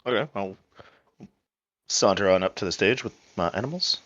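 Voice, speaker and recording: A man playing a tabletop game, describing his character's actions in a relaxed, laid-back way. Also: on the low side, normal speed, no echo, highs cut off. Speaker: player. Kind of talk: casual tabletop play.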